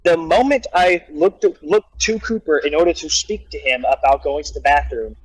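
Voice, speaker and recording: A man's voice: a little high, normal speed, slightly rough, no echo, low-quality recording. Male storyteller, casual and rambling, acts out quotes, dry close recording. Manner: rambling anecdote with acted-out quotes and restarts. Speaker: guest storyteller.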